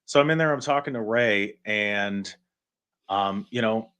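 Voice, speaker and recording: A man on a video call telling rambling, animated stories about his radio days as a guest. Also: fairly low pitch, unhurried, clean tone. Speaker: guest, former radio staffer. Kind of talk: casual storytelling.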